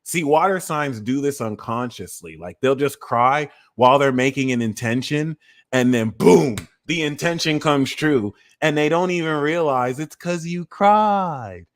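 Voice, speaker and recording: A man hosting an astrology livestream, ranting in a casual comedic way, animated, slangy and profane, laughing at his own jokes. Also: a little high, unhurried.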